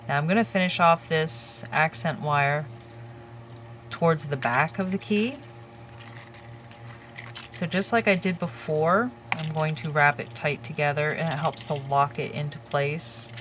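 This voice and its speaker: A woman hosting a crafting tutorial, calmly talking through each step while she works with her hands. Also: sits low, a little hiss or hum. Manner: calm, unhurried, talks while working with her hands.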